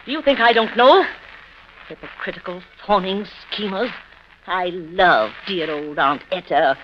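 An actress playing a bitter, sharp-tongued woman who mocks her family in an old radio drama. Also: medium pitch, expressive, moderate pace, close to an everyday voice. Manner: scornful and biting, sugary when coaxing. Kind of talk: 1930s radio drama acting. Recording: dull old radio recording with faint hiss.

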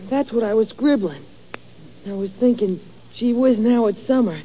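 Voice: medium pitch, normal speed, slight background noise, natural voice. An actor doing a cheeky young schoolboy. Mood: teasing. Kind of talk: 1940s radio acting. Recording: dull old radio recording, faint music.

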